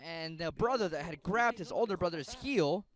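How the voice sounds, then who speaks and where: Male pastor, sermon, high and animated, playful storyteller. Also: moderate pace.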